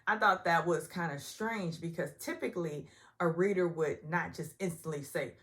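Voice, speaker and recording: A woman casually recapping a reality show, chatty and opinionated, often mimicking people in higher voices. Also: normal speed, fairly bright tone. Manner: chatty and opinionated, acts out quotes in high voices. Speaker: recap vlogger.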